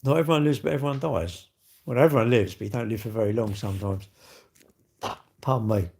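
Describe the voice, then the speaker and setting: A middle-aged livestream host reads viewer comments and banters casually, rambling and joking at his own expense. His medium-pitched voice is brisk, a little mellow and slightly rough, with vocal fry.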